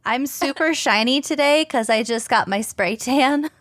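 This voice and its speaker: A woman co-hosting a podcast in casual chat, bubbly and quick to agree. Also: high voice, fairly bright tone, no room sound, clean studio sound. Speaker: podcast co-host.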